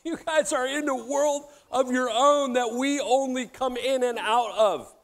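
Casting: middle-aged male pastor, high-pitched voice, lively jokey delivery addressing the crowd. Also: unhurried. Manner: animated, jokey, addresses audience directly. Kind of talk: sermon.

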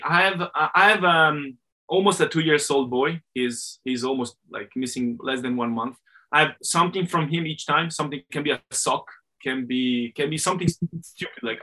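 A middle-aged man, a swim coach, speaks candidly and animatedly in an interview in a fairly high, sharp-toned voice. English is his second language, and he corrects himself as he talks.

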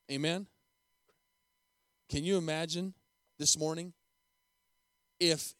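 A man's voice: a little high, a bit bright, no echo. A man preaching a sermon, telling a story dramatically and repeating phrases for emphasis. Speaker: pastor.

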